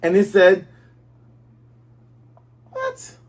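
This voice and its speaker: A young man hosting a manga review, casually recapping a chapter and acting out the characters' lines in quick, playful voices. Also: sits high, wildly swooping pitch, a little hiss or hum.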